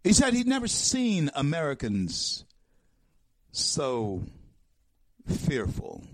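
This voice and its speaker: Animated man giving a political monologue. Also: on the high side, slow pace, no room sound, clean studio sound. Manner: preacher-like, building to loud emphatic peaks; addresses listeners as folks and my friends. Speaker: talk show host.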